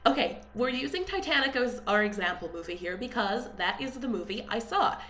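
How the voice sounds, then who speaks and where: A woman's voice: fairly quick, echoey room. A young woman vlogging in a casual, exasperated rant, with a slight lisp and a stuffy voice left over from a cold. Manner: animated, exasperated, with big pitch jumps. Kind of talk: casual ranting vlog.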